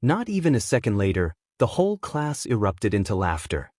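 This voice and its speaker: A man reading a fanfiction story aloud as a first-person narrator, in a subdued, even way of telling it. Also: fairly low pitch, normal speed, no echo, studio quality. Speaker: fanfiction reader.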